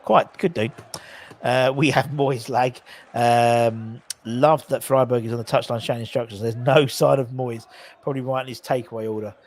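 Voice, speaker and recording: A man's voice: mid-range voice, steady tone, moderate pace, a little hiss or hum. A man hosting a live football watchalong, calling the play casually, joking and bantering with viewers in the chat. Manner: chatty, jokey, banter with viewers. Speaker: host of a live match watchalong.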